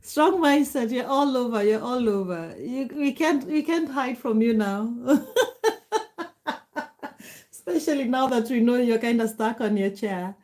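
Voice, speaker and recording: A middle-aged woman hosting a casual livestream, warmly greeting viewers by name and laughing often. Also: fairly high pitch, normal speed, few pauses. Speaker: livestream host. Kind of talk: casual livestream chat reading comments.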